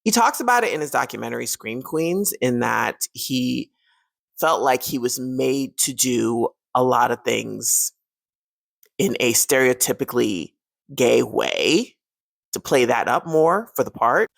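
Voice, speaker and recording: A woman's voice: a bass voice, lively intonation, unhurried, gravelly, no room sound. A woman hosting a horror movie fun-facts video, talking casually and animatedly and laughing often.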